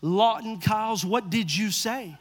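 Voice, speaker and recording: A man's voice: sits high, unhurried. A male pastor voicing his exasperated wife as she questions him, in a stern, pointed way. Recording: long hall reverb.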